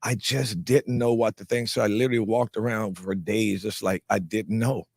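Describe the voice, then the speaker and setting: With a fairly low pitch, vocal fry, and a breathy edge, a man from North Carolina tells his life story as an actor guest in an interview at normal speed. He animatedly acts out those he quotes and frequently restarts with repeated words; the recording is dry and studio quality.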